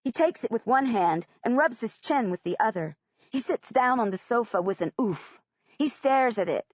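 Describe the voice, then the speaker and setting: A woman reads a first-person audiobook with a lively, expressive pitch. She speaks plainly and clearly. The recording is dry and a little muffled. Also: normal speed, dry recording. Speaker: audiobook narrator.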